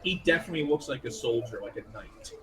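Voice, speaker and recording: A man's voice: mid-range voice, expressive, background noise. A man running a tabletop game as game master, narrating casually with restarts. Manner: casual, loose, with restarts and quick figure voices.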